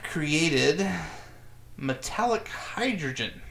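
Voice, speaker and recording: A male podcast co-host explaining a science story in a joking, chatty way. His pitch swings widely as he talks. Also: lively intonation, a little slow, a bit bright. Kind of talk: casual chat, news segment.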